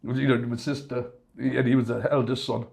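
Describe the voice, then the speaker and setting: A man's voice: mid-range voice, level tone, brisk, creaky, darkish tone. A middle-aged man talking through family losses in a casual interview, heartfelt, repeating himself and dropping local slang. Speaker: interviewee, shop owner. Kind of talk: emotional casual conversation.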